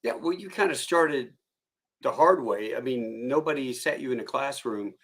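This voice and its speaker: Male podcast host, relaxed and chatty, mid-pitched voice. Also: normal speed, breathy edge. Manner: easygoing, laughs along, chatty asides. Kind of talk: casual interview questions.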